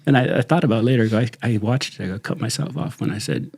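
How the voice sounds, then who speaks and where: A man's voice: medium pitch, quick pace, gravelly, hardly any pauses, a little mellow, breathy edge. A middle-aged man, a retired deputy, telling stories in a casual chat, laughing and swearing freely. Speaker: retired sheriff's deputy, guest.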